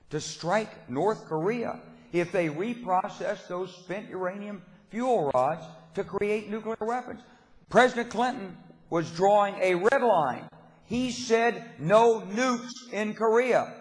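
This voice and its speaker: An older man delivers a dinner keynote in a somewhat high voice, spinning emphatic anecdotes with dry, folksy humor. His words ring out with the long reverb of a large banquet hall. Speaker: keynote speaker. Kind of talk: political dinner speech.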